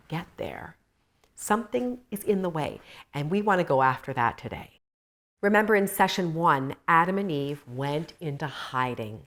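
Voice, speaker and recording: A woman leading a faith course, her voice pitched a little on the low side. She teaches in a warm, conversational way and slips into animated personal stories, laughing at her own past mistakes. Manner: animated storytelling, laughing at herself. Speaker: Christian women's course teacher.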